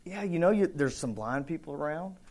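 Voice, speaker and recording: A man preaching a casual, conversational sermon, acting out bits of the story with shouts and voices. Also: on the high side, expressive, a little fast. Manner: conversational, thinks aloud with restarts. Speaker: pastor.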